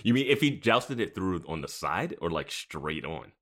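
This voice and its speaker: Male podcast co-host, low and lively, easygoing with frequent laughs. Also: normal speed. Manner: easygoing, laughs often, hedges with "like". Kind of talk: casual chat.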